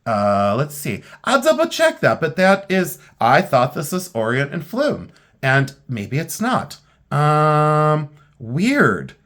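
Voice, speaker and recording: A man's voice: a little high, huge pitch swings, slow pace, fairly bright tone. A middle-aged man, worn out and tired, chatting candidly and rambling a little as he previews vintage jewelry for sale. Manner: candid, rambling, frank and plainspoken. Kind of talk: casual sale preview chat.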